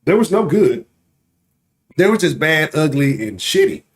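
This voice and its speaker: Animated, foul-mouthed sports-talk man. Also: a little high, a little slow, slight background noise. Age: late 30s. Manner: profane trash talk, keeps asking "right?". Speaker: sports talk show host. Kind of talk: casual sports talk livestream.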